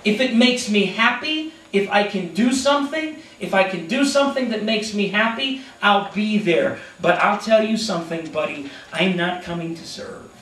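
High-voiced man preaching a sermon. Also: roomy sound, far from the mic, a little hiss or hum, rough recording. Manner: animated, acts out characters in quick asides. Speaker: pastor. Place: church sanctuary.

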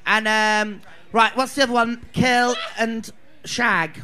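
A man's voice: very high voice, fairly even intonation, slow, pushed and bright. A man in his thirties with an English Midlands accent, a drag queen chatting bawdily and rambling as he answers audience questions at a live viewing party. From England. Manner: bawdy, rambling, laughing often.

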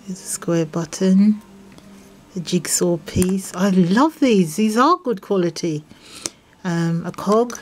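A woman showing off craft mail from friends, gushing and excitable, with gasps and breathy whispered exclamations. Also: lowish voice, takes it slowly, slight background noise. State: unwell. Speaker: craft vlogger opening mail from viewers. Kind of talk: casual unboxing vlog.

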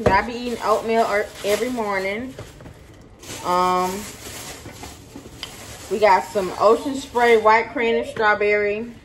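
A woman's voice: mid-range voice, steady tone, unhurried, pauses often. Chatty woman vlogging over background noise. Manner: chatty, talks straight to viewers, repeats herself for emphasis. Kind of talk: casual chat to camera. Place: at home, kitchen. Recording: noisy home recording.

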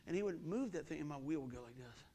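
A middle-aged preacher with a high, gravelly voice tells a folksy story from the pulpit. He acts out the scene with sound effects and voices, switching between loud, excited bursts and low, confiding asides. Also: quick pace. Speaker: pastor. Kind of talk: storytelling sermon. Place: church sanctuary.

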